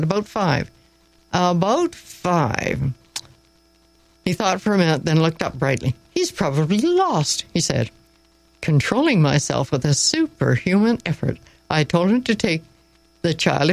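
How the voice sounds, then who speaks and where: A woman's voice: deep voice, no echo, low-quality recording. Woman reading a wry story aloud, dry.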